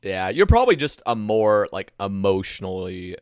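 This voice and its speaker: Low-voiced man hosting a casual podcast. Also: very animated, clear, resonant tone, no echo, studio quality. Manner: quick, loose storytelling with frequent swearing. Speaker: podcast host.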